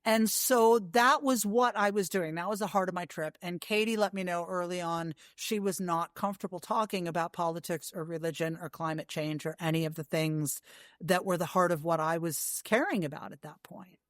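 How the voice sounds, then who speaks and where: A woman being interviewed about a long horseback journey, telling her stories in an animated way with many asides. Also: lowish voice, normal speed, no room sound, studio quality. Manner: animated storyteller with frequent asides. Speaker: guest, long-distance horse rider. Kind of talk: casual interview storytelling.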